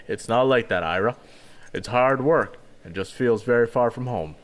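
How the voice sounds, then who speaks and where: A man voicing a patient, tired farmer father who talks softly and kindly. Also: normal speed, close to an everyday voice. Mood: gentle. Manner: soft, kindly, low-key.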